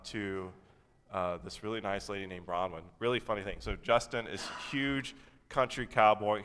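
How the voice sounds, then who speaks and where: A preacher in his thirties delivers a sermon in a church sanctuary, speaking conversationally with plenty of fillers and asides. His voice is deep, with a fairly bright and clean tone. Long hall reverb fills the recording.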